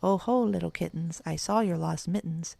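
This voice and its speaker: A woman voicing a lazy male Sandman who talks in a slow sing-song. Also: fairly low pitch, gravelly, dark tone, no echo.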